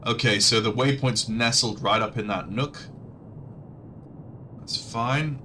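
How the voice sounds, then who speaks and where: A man's voice: medium pitch, slow pace, bright, forceful tone, a little hiss or hum. A man casually commentating his flight-sim livestream, chatty and rambling, often restarting his sentences. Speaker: livestreamer and audiobook narrator.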